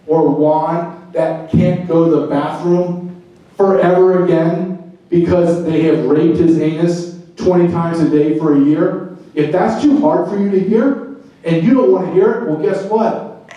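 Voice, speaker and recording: A middle-aged man, a retired border agent, giving a fervent speech to a club, swinging from loud to quiet. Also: fairly high pitch, steady tone, a little slow, dull audio. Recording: very echoey room, speaker far from mic.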